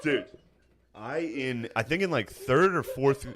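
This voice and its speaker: A man's voice: mid-range voice, lively intonation, unhurried, crowd noise. A man co-hosting a podcast, teasing and cracking profane jokes in casual banter. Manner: joking, teasing interjections, profane. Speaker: podcast co-host.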